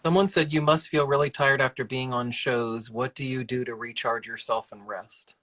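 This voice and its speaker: A man's voice: mid-range voice, steady tone, normal speed, a bit bright. A man co-hosting a casual livestream, reading viewer questions in a playful, teasing way.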